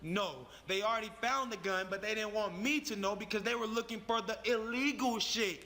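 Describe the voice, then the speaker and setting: A young man tells his story in a heated, profane, emphatic voice. His voice sits high and sounds sharp and forceful. A long reverb trails after his words. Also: moderate pace, few pauses. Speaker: YouTuber telling his story. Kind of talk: animated storytelling.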